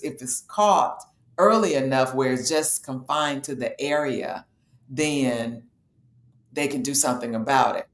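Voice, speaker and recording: Her voice sits low and echoes with reverb as this talk show host, a health educator, casually and plainly explains a health topic.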